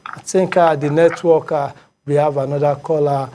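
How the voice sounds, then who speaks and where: A man's voice: fairly high pitch, steady tone, normal speed, mellow. A man hosting a morning show, reading headlines with many fillers and repeats. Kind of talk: reading headlines and taking calls.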